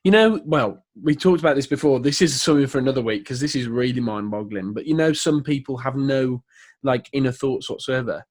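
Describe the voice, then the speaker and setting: A British man co-hosting a podcast, chatting casually in an animated, rambling way. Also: mid-range voice, fairly quick. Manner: animated, rambling, playful accent impressions. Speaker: podcast co-host. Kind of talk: casual chat.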